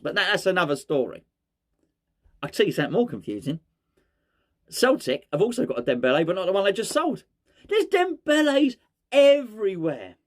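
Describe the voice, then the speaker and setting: A man hosting a casual football fan chat. He rambles and jokes, and his voice jumps up when he gets excited. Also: on the high side. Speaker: fan channel host.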